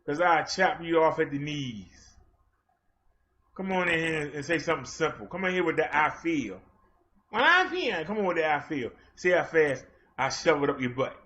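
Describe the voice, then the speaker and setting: Sharp in tone and on the high side, with lively intonation and an ordinary pace, a livestream host fires off a confrontational rant, daring his chat. The recording has that muffled, lo-fi stream quality.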